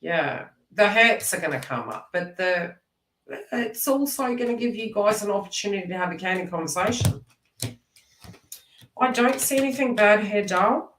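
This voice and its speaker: A woman's voice: mid-range voice, animated, moderate pace, fairly bright tone, echoey room, distant mic, a little hiss or hum, rough recording. A woman giving a live card reading, speaking earnestly and rambling, and talking straight to viewers by name. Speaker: psychic card reader.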